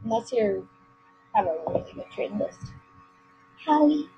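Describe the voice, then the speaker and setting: Girl gamer, high voice, slow rambling chatter, silly outbursts, dull lo-fi screen recording, faint music behind. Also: expressive, husky. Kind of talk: casual gameplay commentary. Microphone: computer mic.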